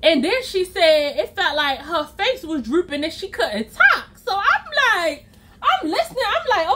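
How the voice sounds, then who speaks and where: High-voiced woman telling a wild story. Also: unhurried, slight background noise. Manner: animated, with sound effects and acted-out quotes. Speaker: vlogger. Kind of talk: storytime vlog.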